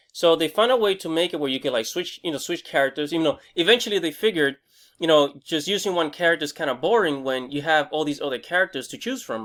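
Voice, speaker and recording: Excitable, rambling young man reviewing a game. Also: fairly high pitch. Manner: excitable, rambling, swears freely, many fillers and restarts. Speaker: gaming video host. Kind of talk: casual game review vlog.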